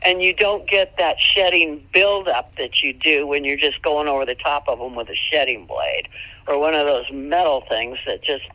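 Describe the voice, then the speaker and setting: A woman mule trainer giving casual, folksy advice, chatty and quick to laugh, sometimes jumping into high, playful tones. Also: animated, no echo, muffled recording. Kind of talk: casual instructional chat.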